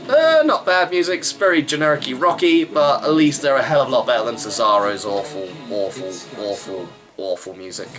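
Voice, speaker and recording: A man's voice: medium pitch, lively intonation, a little fast, hardly any pauses, over music, poor audio. A man giving a chatty, wry running review of a wrestling show, rambling with fillers. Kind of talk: casual vlog review.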